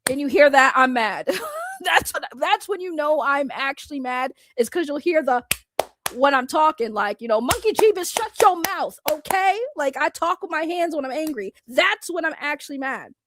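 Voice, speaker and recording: Loud, blunt woman streamer from Boston. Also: high voice, moderate pace, background noise. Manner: loud, blunt, sarcastic, laughs often. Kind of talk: live stream rant. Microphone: computer microphone.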